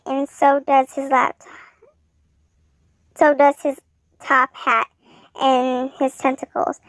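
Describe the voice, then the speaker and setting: A woman's voice: sits high, no echo. A woman reading a fanfiction story aloud in plain storybook narration. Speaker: fanfiction reader.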